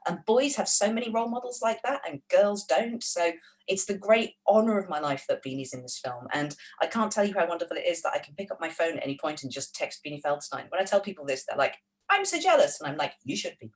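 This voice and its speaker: A middle-aged English woman, with a softened Wolverhampton accent, telling stories in an interview on a video call, energetic and full of comic asides. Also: lowish voice, quick pace, low-quality recording. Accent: English, Wolverhampton edges softened by London. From England. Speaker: author and screenwriter. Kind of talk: animated interview answers.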